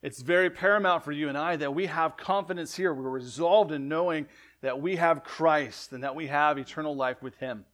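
A man's voice: a little high, normal speed. Conversational man preaching a sermon. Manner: conversational, frequent "right?" asides and self-corrections; lively swings between loud emphatic and soft lines. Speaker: pastor.

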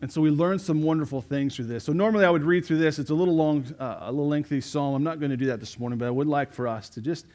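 Male pastor, conversational sermon delivery with frequent check-ins, voice a bit high. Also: fast talker, few pauses, a little mellow. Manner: conversational, asks "right?" often, repeats words.

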